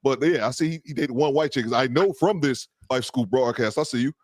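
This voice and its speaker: A man hosting a live stream, reading viewer comments and giving blunt shout-outs in casual chat. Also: medium pitch, fairly quick, no room sound. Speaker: livestream host.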